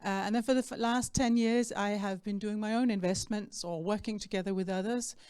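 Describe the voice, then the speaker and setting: A woman introducing herself as a mentor and business investor on a conference panel, composed and steady with occasional fillers. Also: medium pitch, brisk, clear, resonant tone, dry recording, clean studio sound. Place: stage at a fintech demo day event.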